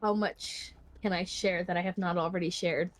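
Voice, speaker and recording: A woman's voice: lowish voice, fairly even intonation, normal speed. A woman joining a game stream, chatting casually with teasing, playful banter. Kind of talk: casual chat while gaming.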